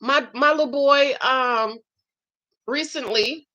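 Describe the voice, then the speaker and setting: Woman, high voice, bright tone, casual live-stream chat, emphatic, repeats herself. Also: slow, highs cut off. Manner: chatty and emphatic, repeats "okay?" often. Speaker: show recap vlogger reading viewer comments.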